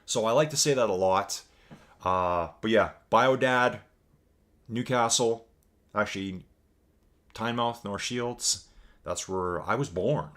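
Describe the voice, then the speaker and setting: Canadian male streamer, low-pitched, loose and rambly, race commentary mixed with chat. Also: takes it slowly, long pauses, fairly bright tone. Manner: rambling, chatty, reads viewer chat aloud.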